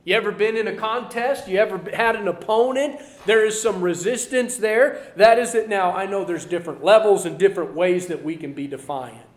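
A man preaching a Sunday lesson, earnest, moving between loud emphasis and quiet asides. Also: high-pitched, fairly quick, hardly any pauses, roomy sound. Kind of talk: sermon.

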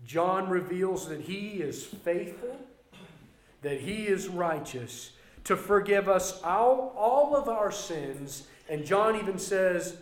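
Slow, emphatic preacher man in an echoey room. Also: high voice, lively intonation. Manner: emphatic preaching with swings between loud and soft. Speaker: pastor. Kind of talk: sermon. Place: church. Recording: roomy echo.

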